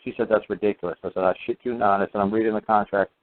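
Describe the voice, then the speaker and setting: A man's voice: on the low side, fairly even intonation, very fast, a little hiss or hum. A man telling a long casual story as a talk show host, rambling with many fillers and restarts. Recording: phone-like lo-fi radio audio.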